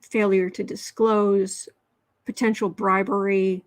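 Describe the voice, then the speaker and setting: A woman's voice: medium pitch, level tone, slow pace, low-quality recording. A woman hosting a casual livestream tarot reading, chatty, with frequent restarts as she reads viewer comments aloud.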